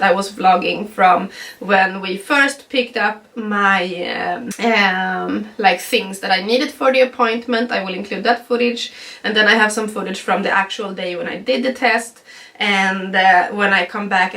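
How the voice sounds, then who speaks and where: A woman's voice: mid-range voice, creaky, sharp tone, distant mic. A young Swedish woman, not a native English speaker, with a stuffy nasal voice, chatting through a casual pregnancy update vlog with frequent ums and little laughs. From Sweden. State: stuffy nose. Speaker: vlogger.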